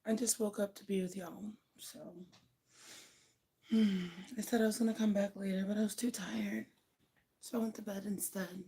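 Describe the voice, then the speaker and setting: A woman hosting a late-night livestream, talking softly and half-whispered in a raspy, worn-out voice, unhurried and blunt. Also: medium pitch, fairly even intonation. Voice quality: soft, half-whispered talk. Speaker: livestream host.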